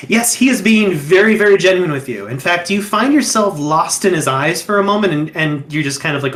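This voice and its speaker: A man running a tabletop horror role-playing session as game master, describing the scene in measured, descriptive narration. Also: high-pitched, lively intonation, fairly bright tone.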